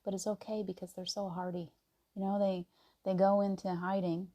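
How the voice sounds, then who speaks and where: A woman hosting a casual live stream, chatting gently and greeting viewers by name. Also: mid-range voice, level tone, normal speed. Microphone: device mic on a video stream.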